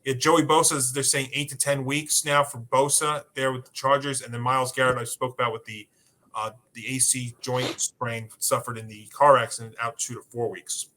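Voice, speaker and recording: A man with a bright, ringing voice talks through football injuries and betting picks in a relaxed podcast chat. He leans on fillers but states his picks with confidence. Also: mid-range voice, moderate pace. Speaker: sports podcast co-host. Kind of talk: casual sports betting talk.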